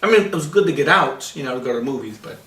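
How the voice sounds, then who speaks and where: A man's voice: medium pitch, expressive, racing, bright, forceful tone. Man ranting sarcastically in an echoey room. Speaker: podcast host. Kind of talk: casual chat reviewing a movie. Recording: echoey room, mic set far off.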